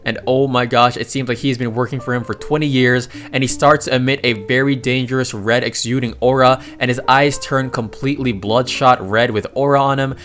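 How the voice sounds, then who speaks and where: Excitable man recapping a comic. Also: mid-range voice, brisk, few pauses. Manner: excitable, slangy, keeps exclaiming. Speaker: manhwa recap narrator. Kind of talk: casual story recap narration.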